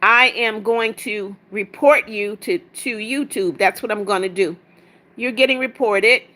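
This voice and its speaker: A woman's voice: mid-range voice, a little slow, pushed and bright. A woman hosting a casual livestream, reading viewer comments aloud and answering them in a blunt, sassy way. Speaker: livestream host reading chat.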